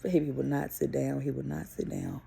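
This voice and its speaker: A young woman and mother telling a story to camera in a casual, animated, profane way. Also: rumbling low, a little fast, creaky, husky. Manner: animated, profane, emphatic retelling. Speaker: vlogger and mother.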